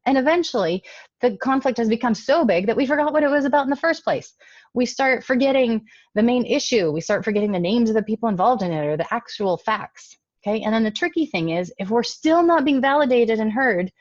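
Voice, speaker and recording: A woman's voice: a little high, expressive, brisk, no echo. A middle-aged woman giving a conversational lecture, often checking in with "okay?" and "right?". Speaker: communication lecturer. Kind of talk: recorded lecture talk. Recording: dull, dry, lo-fi sound.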